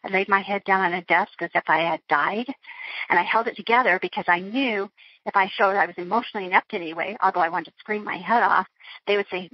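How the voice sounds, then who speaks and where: A woman's voice: mid-range voice, quick pace, husky, muffled recording. A woman being interviewed, recounting a personal ordeal in an earnest, flowing way with frequent restarts. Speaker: interview guest.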